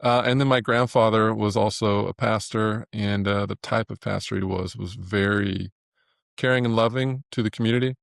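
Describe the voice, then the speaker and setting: A man's voice: on the low side, fairly even intonation, moderate pace, creaky, dry recording, clean studio sound. A man speaking as an interview guest, telling his story earnestly with many restarts and repeated words. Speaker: guest, animator. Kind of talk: reflective interview talk.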